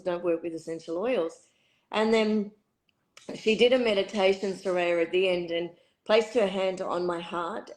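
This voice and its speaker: A middle-aged woman speaks with a croaky, husky throat, her pitch sitting in an ordinary middle range. She tells her story candidly and reflectively, with the odd filler along the way, as a retreat facilitator being interviewed. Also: darkish tone, rough recording.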